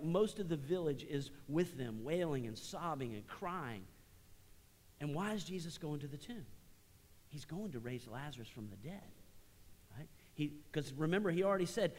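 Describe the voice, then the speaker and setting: A middle-aged man preaches from a church platform in an easy, conversational way. He lifts his voice for emphasis and then drops to a near hush. His voice trails off into the long reverb of a large sanctuary. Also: mid-range voice. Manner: conversational preaching, swinging between raised emphasis and soft, hushed passages. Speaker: pastor. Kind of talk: sermon.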